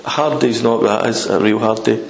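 Gravelly-voiced man preaching informally. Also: lowish voice, fairly even intonation, brisk. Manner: conversational, emphatic, dramatizes scripture. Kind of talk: informal sermon. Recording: echoey room with faint noise.

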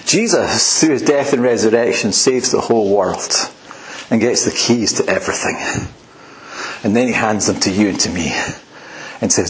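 A man preaching a sermon in a relaxed, chatty way, often laughing at his own asides. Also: on the low side, normal speed, reverberant, slight background noise, rough recording. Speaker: pastor.

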